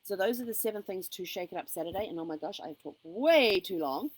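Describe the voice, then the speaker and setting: A motivational vlogger with a husky mid-range voice speaks fairly quickly and expressively, cheering on her viewers with lots of ums. The audio is dry and low quality.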